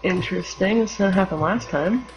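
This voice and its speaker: A woman's voice: mid-range voice, moderate pace. A woman playing a game and commenting on it dryly. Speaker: game player. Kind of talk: let's play commentary. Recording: muffled recording, faint music.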